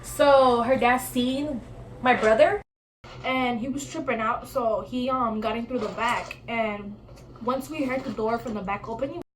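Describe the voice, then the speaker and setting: A young woman telling a story in an animated, slangy way, acting out what people said. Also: fairly high pitch, unhurried. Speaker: guest storyteller. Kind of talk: casual storytelling. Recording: off-mic voice with faint noise.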